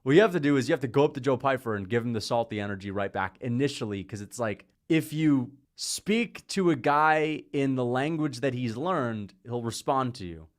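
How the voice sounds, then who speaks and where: A man streaming live, rambling in casual chat, joking and often laughing, slipping into mocking impressions. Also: mid-range voice. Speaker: livestreamer. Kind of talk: casual livestream rant.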